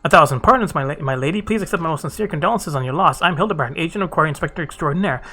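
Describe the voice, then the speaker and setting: A man voicing a pompous, bumbling gentleman detective with grandiloquent, theatrical speech. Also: fairly high pitch, racing, faint music behind. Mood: apologetic.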